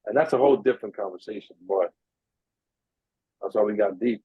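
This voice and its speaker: Young New man, husky, tinny dry line, animated podcast storyteller. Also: lowish voice, fairly quick, dry recording. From New York. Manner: animated storyteller, acts out quoted voices, swears freely. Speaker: podcast co-host. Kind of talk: casual storytelling chat. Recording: tinny, dry, narrow-band sound.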